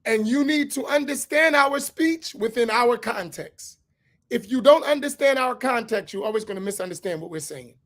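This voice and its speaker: A man's voice: very high voice, lively intonation, normal speed, a bit bright. A man speaking as an imam, giving an emphatic lecture-style sermon and repeating his key points. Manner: asks for slides to be put up.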